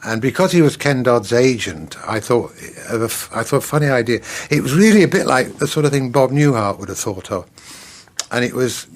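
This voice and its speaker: A man who works as an impressionist, recalling his club days in a relaxed, anecdotal documentary interview. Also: mid-range voice, brisk. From England.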